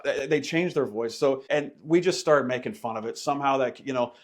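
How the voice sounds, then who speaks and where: Animated middle-aged man telling trucking stories. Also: medium pitch, fast talker, hardly any pauses. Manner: animated, repeats words while searching for them. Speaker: guest, trucker and podcaster. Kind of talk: casual storytelling chat.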